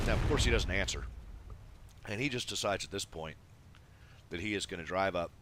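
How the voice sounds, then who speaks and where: A man's voice: deep voice, fairly bright tone, a little hiss or hum. A man casually commenting on a replay of his own game, laid-back and swearing freely. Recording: game sounds of gunfire and engines behind. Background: tank battle game sounds, artillery fire.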